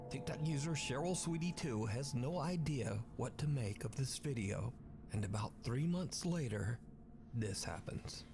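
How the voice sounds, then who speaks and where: A man narrating a scripted story in a measured, suspenseful way. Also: mid-range voice, animated, creaky, over music. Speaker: documentary narrator.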